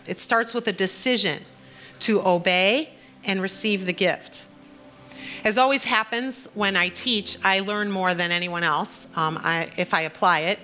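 A middle-aged woman pastor delivers a sermon and prayer in a bright, ringing voice. She speaks in a personal, gently encouraging way. Faint music plays beneath her. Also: mid-range voice.

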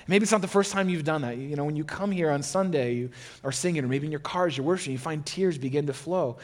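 A man preaching as pastor in a gentle, encouraging, conversational way, acting out a listener's inner thoughts in quoted asides. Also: on the high side, quick pace. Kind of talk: sermon.

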